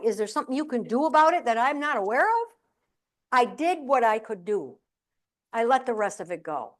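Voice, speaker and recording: A middle-aged woman with a fairly high voice delivering a comic keynote to a live audience. She tells lively anecdotes and jumps in and out of acted-out quotes. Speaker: keynote speaker and humorist. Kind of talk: humorous keynote storytelling. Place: live event venue.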